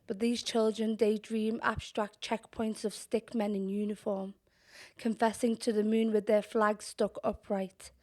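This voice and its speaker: A young woman with a Scouse accent performing spoken-word poetry in a measured, deliberate way, sometimes dropping to a whisper. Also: medium pitch, little pitch movement, darkish tone. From Liverpool, England. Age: young adult. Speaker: poet.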